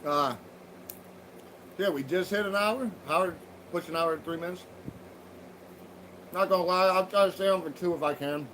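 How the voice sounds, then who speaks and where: High-voiced, swearing livestream man. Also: normal speed, long pauses, fairly bright tone, slight background noise, low-quality recording. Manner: loose, profane, laughing banter. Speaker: livestream host. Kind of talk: casual livestream chat with viewers.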